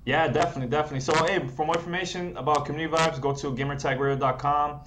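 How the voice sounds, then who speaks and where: A man's voice: fairly high pitch, steady tone, racing, a bit bright. A man as a guest on a video call, talking laid-back and repeating himself often. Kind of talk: casual interview.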